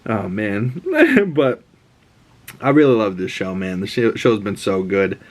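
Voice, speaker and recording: A man excitedly recapping a TV episode in a casual, rambling way, with many fillers and restarts. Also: fairly low pitch, normal speed. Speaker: show recap host.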